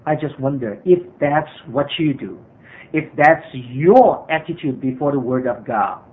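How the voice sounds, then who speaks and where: A man's voice: medium pitch, animated, unhurried. A man preaching a sermon as pastor, earnest and repetitive, with frequent hesitations. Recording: tinny phone-like sermon recording.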